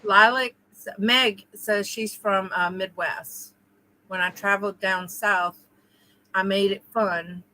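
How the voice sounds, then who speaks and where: A woman's voice: medium pitch, steady tone, slow, pushed and bright, poor audio. A woman co-hosting a live show, chatting casually with a friend and reading viewer comments aloud. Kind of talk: casual chat between friends.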